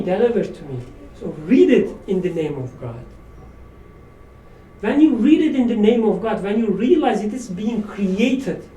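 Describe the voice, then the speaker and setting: A man's voice: sits high, warm tone. A man leading an informal religious study session, reflective and self-deprecating, with light laughs. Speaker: study circle leader. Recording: roomy echo, distant mic, faint room noise.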